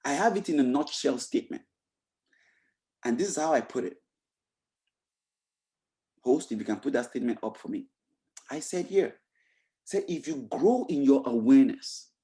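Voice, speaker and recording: Mellow, emphatic motivational webinar speaker. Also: medium pitch. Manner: emphatic and repetitive, with many rhetorical questions; frequent restarts and "you know" fillers. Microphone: video call.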